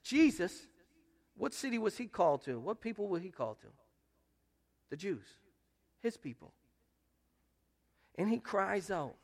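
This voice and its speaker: Preaching in the church sanctuary, this gravel-voiced pastor sits a bit above the usual male pitch and talks a little slowly, leaving long pauses. His sermon moves through big pitch swings, climbing to loud, pressing emphasis before falling into gentle, hushed quotations.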